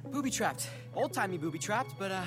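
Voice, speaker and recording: A woman's voice: mid-range voice, expressive, brisk, close to an everyday voice. A woman voicing an alert young cartoon hero. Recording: clip played with music behind.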